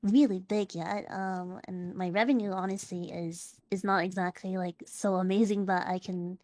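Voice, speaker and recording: A woman's voice: medium pitch, steady tone, normal speed, a little mellow, no echo. A young woman guest streamer in casual chat, talking chattily, trailing off and filling with "like". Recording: dry close mic.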